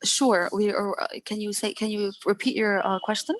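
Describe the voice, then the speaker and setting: A woman's voice: mid-range voice, steady tone, moderate pace, no room sound. A woman teaching an online English lesson over a video call, repeating points and checking in with "okay" after nearly every phrase. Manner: repetitive, explanatory, fills with "okay".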